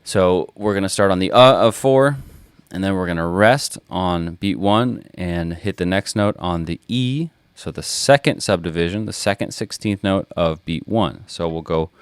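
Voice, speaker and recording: A man's voice: sits low, normal speed, hardly any pauses, smooth, no echo. A man teaching a guitar lesson, patiently explaining and counting rhythms aloud as he plays. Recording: loud guitar playing behind the voice.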